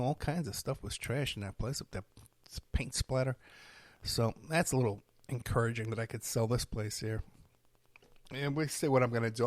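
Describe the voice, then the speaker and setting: A middle-aged man, hosting a podcast and telling stories in a rambling, animated monologue. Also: medium pitch, no echo. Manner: rambling, animated storytelling with laughs and asides. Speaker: podcast host.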